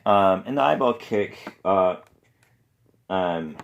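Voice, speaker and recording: Male podcast host, very low and gravelly, rambles through a casual talk at home. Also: lively intonation, lo-fi sound. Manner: rambling, halting with many pauses. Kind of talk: casual solo talk on poetry. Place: home room with pets around.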